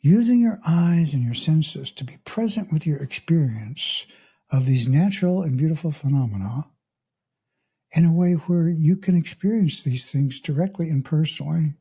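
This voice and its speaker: A middle-aged man, a mindfulness coach hosting a podcast, telling a story in a calm, unhurried way and often clearing his throat. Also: a little high. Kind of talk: reflective podcast monologue with a story.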